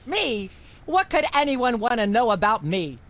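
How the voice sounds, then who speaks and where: A woman's voice: on the high side, sing-song, a little slow. A woman voicing a bossy, prim middle-aged talk show host in a video game. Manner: prim, scolding, droning on. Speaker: game character.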